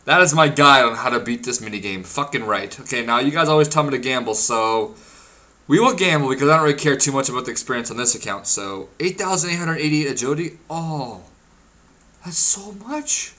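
Young man, bright sharp tone, casual gameplay commentary, crude, excitable, swearing. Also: medium pitch, brisk. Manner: excitable and crude, swears often, laughs and shouts at wins. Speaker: gaming video creator.

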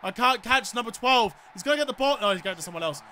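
An Australian man narrates his football video game in a very high, bright and sharp voice. He fumes and curses at his players, then slips into mock-polite sarcasm. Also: lively intonation, fast. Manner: exasperated, swearing rants at the game. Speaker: gaming YouTuber. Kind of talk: let's play commentary.

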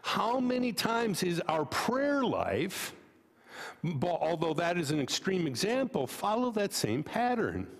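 A man's voice: high-pitched, in a large hall. A man preaching a sermon as pastor in a church, talking in a conversational way with fillers and restarts and telling a joke story. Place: church sanctuary.

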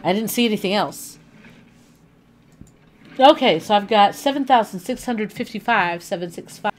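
A woman's voice: medium pitch, moderate pace, slight background noise. Chatty woman streaming a video game. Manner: chatty, animated, thinking aloud while playing. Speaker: livestreamer. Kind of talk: casual gaming livestream chat. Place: home living room.

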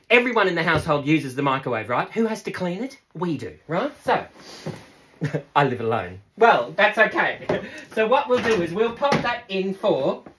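Chatty woman with lively pitch. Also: noisy background. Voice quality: breaks into playful sing-song. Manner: chatty, laughs often, talks to viewers. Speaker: cooking demonstrator. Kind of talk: casual cooking demonstration.

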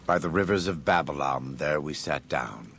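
An actor playing a stern, scripture-quoting warrior preacher in a video game, speaking slowly and solemnly with a gravelly, husky voice. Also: male voice, extremely low pitch, expressive, fairly bright tone, soft background music, heavily acted. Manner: slow, measured, solemn delivery.

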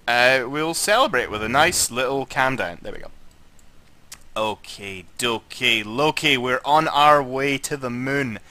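A Scottish man, drunk, giving rambling, excitable let's play commentary as a gaming channel host and swearing a lot. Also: medium pitch, measured pace, dry recording.

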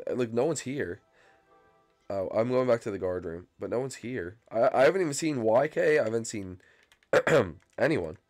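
A young man with a lowish voice hosts a gaming channel, giving excited, frantic commentary and often yelping and screaming when chased.

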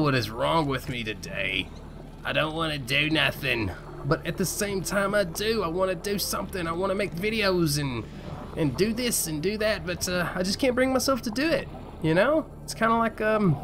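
A man's voice: high-pitched, a bit bright, slight background noise. A man giving casual, rambling gameplay commentary as a video host, joking at his own expense and talking straight to his viewers. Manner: rambling, self-mocking, talks to viewers. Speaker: gaming YouTuber.

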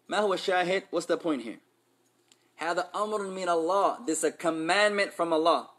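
A man teaching a class, his voice bright and forceful and a little higher than most men's. He jumps between Arabic and English, quizzes the room and slips in playful street slang. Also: rapid-fire. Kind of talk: Islamic class lesson.

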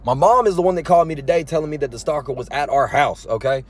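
A young man telling a story to camera in a casual, animated way, full of slang and nervous laughter. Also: on the high side, fast. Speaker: TikTok storyteller.

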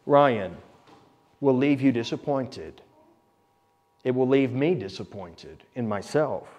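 A man preaching a sermon, earnest, reading scripture aloud dramatically and swinging between loud emphasis and quiet low points.

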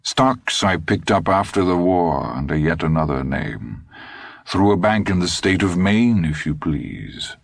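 Older man, cynical fugitive in an audiobook, low and unhurried, dry sneer, done by a male reader. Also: lively intonation, vocal fry, no echo, heavily acted. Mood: sardonic. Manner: dry, sardonic, measured.

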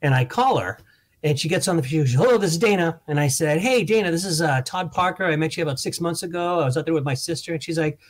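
Guest comic, man with a somewhat high voice, animated storyteller who plays out the quotes. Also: fast. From Boston. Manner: animated anecdote-telling, acts out quoted voices. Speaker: guest comedian. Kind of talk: podcast storytelling.

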